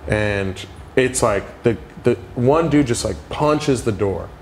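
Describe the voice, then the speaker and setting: A young man telling stories in a casual interview, animated and full of "like" fillers. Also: medium pitch, slow, a little hiss or hum. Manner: animated storyteller, heavy "like" fillers. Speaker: podcast guest.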